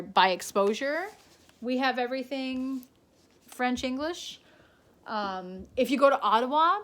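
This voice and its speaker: A woman's voice: mid-range voice, a bit bright. A woman from Canada chatting casually to a pen pal on video, rambling with lots of ums and restarts.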